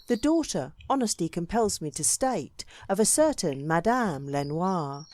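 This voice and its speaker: A woman reading a classic book aloud as an audiobook narrator, measured and expressive, with varied emphasis. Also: medium pitch. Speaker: audiobook reader.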